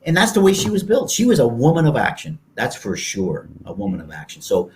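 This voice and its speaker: A man in his sixties from Canada, a guest telling stories in an animated, casual way, often acting out other people's voices. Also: mid-range voice, fairly quick, a little hiss or hum. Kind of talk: casual storytelling interview.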